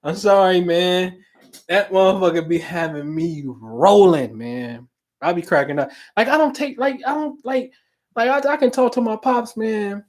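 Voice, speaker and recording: A man hosting a show, talking in casual, profane chat, telling stories animatedly and dropping to low mumbles. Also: animated, unhurried. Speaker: podcast host.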